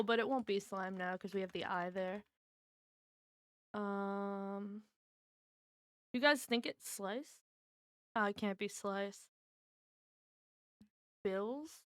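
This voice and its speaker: A woman's voice: mid-range voice, a bit bright, no room sound, studio quality. A woman chatting casually on a stream at home, thinking aloud as she tries guesses at word puzzles and teases the people around her. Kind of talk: casual chat while solving word puzzles.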